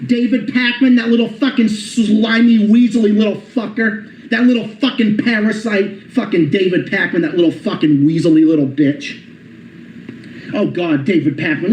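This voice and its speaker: A young man with a high-pitched voice tears into his targets in a nonstop, profane rant. He sounds furious and insulting. The room is echoey, with a faint hiss underneath. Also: steady tone, moderate pace, a little mellow. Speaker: channel host.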